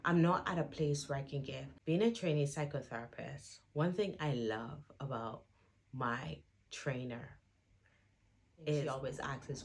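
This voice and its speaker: A woman's voice: a bass voice, measured pace, vocal fry, a little hiss or hum. A woman who is a trainee psychotherapist, giving a motivational self-help talk to viewers in an earnest, reassuring way, repeating affirmations.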